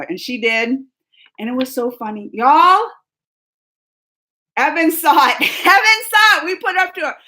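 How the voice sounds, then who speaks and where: Bubbly, bright-voiced woman streamer. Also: a little high. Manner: animated, laughing, full of "like" and "y'all". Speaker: live stream host. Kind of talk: casual live chat, reading viewer comments.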